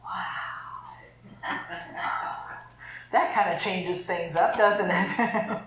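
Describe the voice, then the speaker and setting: A woman's voice: fairly low pitch, very slow, slight background noise. A middle-aged woman pastor giving a chatty, conversational sermon and laughing easily. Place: church sanctuary. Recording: echoey church room.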